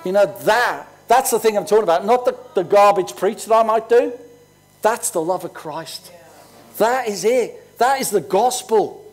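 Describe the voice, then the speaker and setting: Older pastor in his sixties, high-pitched, chatty storytelling sermon. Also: normal speed. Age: 60s. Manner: conversational, storytelling preacher. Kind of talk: sermon with personal stories.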